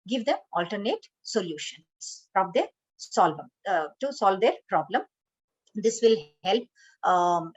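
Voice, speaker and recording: A woman's voice: a little high, highs cut off. A woman teaching an online training session, instructive, often saying "okay" and "you know". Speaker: corporate trainer.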